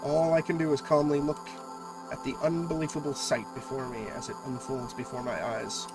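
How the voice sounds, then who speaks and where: A man's voice: a little high, flat delivery, a little fast, poor audio. A man streamer reading a visual novel aloud in an earnest, dramatic way with jokey asides. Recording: music playing clearly behind.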